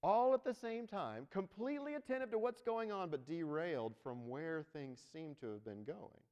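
A man's voice: on the high side, lively intonation, normal speed, a little mellow, dull audio. A man preaching a sermon as pastor, talking to the congregation conversationally and checking in with "right?". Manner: conversational, tags points with "right?". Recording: long hall reverb.

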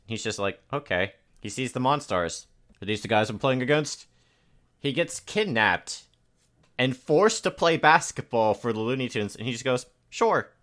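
A man co-hosting a movie review podcast, talking casually with a dry, deadpan delivery. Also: mid-range voice. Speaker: podcast co-host.

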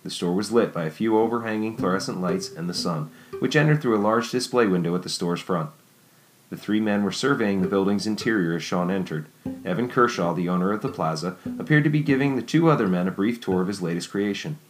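A man narrating a story in a steady, measured audiobook reading. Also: low voice.

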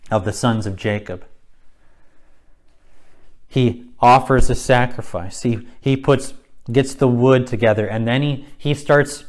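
Conversational male Bible storyteller. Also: medium pitch. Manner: conversational, with casual asides. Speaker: Bible teacher. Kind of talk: retelling scripture as a story.

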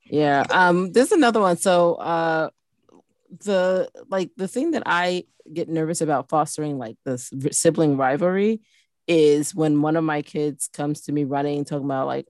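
A woman's voice: sits low, moderate pace, no room sound, clean studio sound. A middle-aged woman co-hosting a podcast in casual chat, chatty and full of fillers. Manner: chatty, full of fillers, animated when joking. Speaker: podcast co-host.

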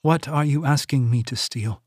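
A man's voice: medium pitch, normal speed, darkish tone, no room sound, clean studio sound, natural voice. A man voicing a wary young male thief in an audiobook, speaking in a guarded, terse way. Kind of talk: audiobook character voice.

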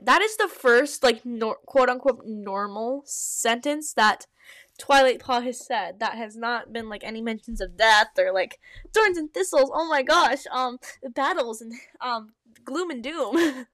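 Giggly high-voiced woman reading aloud. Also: fairly bright tone, no echo, studio quality. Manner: giggly, many likes and ums. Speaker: fanfiction reader and podcaster.

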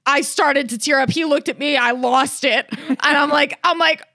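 Woman, high voice, casual podcast chat, lots of swearing, dry close sound. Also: moderate pace, no room sound. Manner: animated, swears freely, storytelling. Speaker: podcast co-host.

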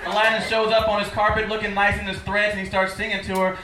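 A man's voice: high-pitched, flat delivery, fast talker, pushed and bright. A man doing a stand-up set, telling a story with sarcastic jabs. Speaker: stand-up comedian. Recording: echoey comedy club with crowd noise.

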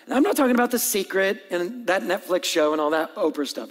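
Pastor, male, lively sermon delivery with playful asides, higher voice, big echoing church. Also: quick pace. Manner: animated, acts out dialogue and jokes with the congregation. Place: church hall with long reverb.

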